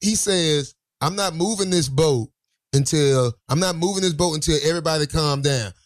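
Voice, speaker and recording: High-pitched male podcast co-host; animated, profane storyteller who acts out the quotes. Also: moderate pace. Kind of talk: casual storytelling chat.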